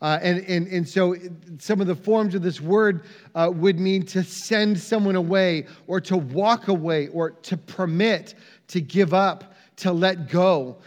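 Male preacher, high voice, sermon delivery with long hall reverb. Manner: tells a joke story, then teaches with measured emphasis.

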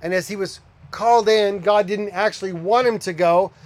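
A man preaching a sermon as a pastor, conversational, with animated storytelling. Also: sits high, moderate pace.

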